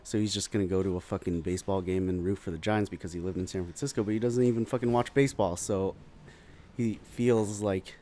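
A man's voice: low-pitched, a little fast, slight background noise. A man telling stories in casual chat, swearing freely and acting out the voices of others. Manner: animated storytelling, acts out voices, swears freely.

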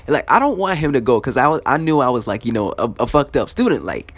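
Young guy, casual profane storyteller, lots of "you know" and "like", swinging pitch. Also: expressive, quick pace, hardly any pauses, slightly rough. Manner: loose, profane, filler-heavy.

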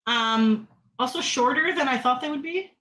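With a sharp tone at a moderate pace, a Canadian podcast co-host shares a story in casual chat, heavy on fillers. She acts out other people's words in higher voices, and the recording is low quality.

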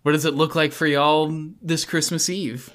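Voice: mid-range voice, flat delivery, moderate pace, fairly bright tone. A game master narrating a comic tabletop game scene, chatty and laughing often, with lots of fillers.

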